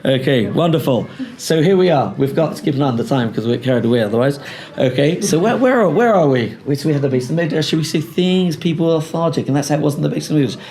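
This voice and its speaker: Animated joking rabbi, fairly high voice. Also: male voice, fast talker, few pauses. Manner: animated, joking, talking to the audience. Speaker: rabbi leading a parenting seminar. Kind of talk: lively seminar talk with role-play. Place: lecture hall.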